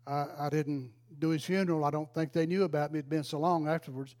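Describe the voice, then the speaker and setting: A man's voice: a little high, steady tone, quick pace, a little mellow. Folksy older preacher man. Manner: folksy, emotional, exclaims praise. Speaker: retired pastor. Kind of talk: storytelling sermon.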